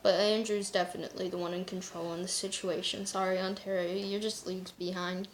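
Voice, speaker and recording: A woman's voice: mid-range voice, level tone, brisk, slight background noise. Chatty woman in an echoey room. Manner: laid-back, rambling, laughs often, swears freely. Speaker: vlogger. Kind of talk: casual chat.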